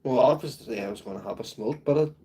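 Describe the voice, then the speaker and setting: In a very noisy recording, a Belfast-accented livestream host from Northern Ireland chats from home, his mid-range voice quick and creaky. His talk is rambling and chatty, full of tags such as "so it is".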